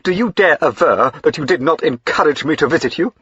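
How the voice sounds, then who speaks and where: A man's voice: a little high, lively intonation, a little fast, fairly bright tone, husky, no room sound, highs cut off, pitched above the performer's own voice, full character voice. A man doing a blustering pompous squire. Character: pompous thick-skinned country squire, blustering and hot-tempered.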